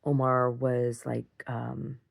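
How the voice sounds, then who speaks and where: A woman recording a casual video diary, rambling through an animated story and acting out what others said. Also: a bass voice, slow, gravelly. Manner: rambling, animated retelling with acted-out quotes. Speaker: video diarist.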